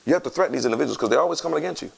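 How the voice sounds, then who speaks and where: A man preaching a sermon to a congregation, reading scripture and breaking into animated, conversational asides to the listeners. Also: a little high, very fast, gravelly, husky.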